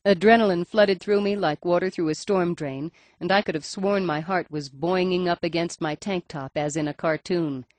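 Woman w a low voice reading an audiobook, wry and dry, close dead-dry sound. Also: normal speed, few pauses, darkish tone, no room sound. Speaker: audiobook narrator. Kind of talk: scripted first-person audiobook narration.

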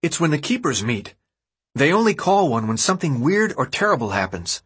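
A man's voice: a little high, sing-song, a little fast, fairly bright tone, breathy edge, pitched above the performer's own voice, exaggerated voice. A man voicing a blunt, sarcastic young boy in an audiobook reading, tossing off snappy, dismissive retorts.

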